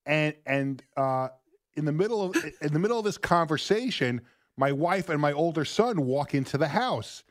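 A man's voice: a little high, animated, moderate pace. A middle-aged man co-hosting sports talk radio, telling a story in a rambling way with many restarts.

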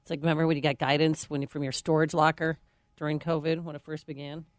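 A man co-hosting a talk radio show, chiming in with quick sarcastic asides. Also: fairly high pitch, level tone, dry recording. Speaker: radio co-host. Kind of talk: casual talk radio banter.

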